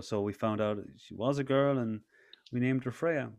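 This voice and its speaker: In a casual interview, a breathwork facilitator in his thirties shares a personal story at normal speed, his medium-pitched voice darkish in tone. He rambles and keeps restarting.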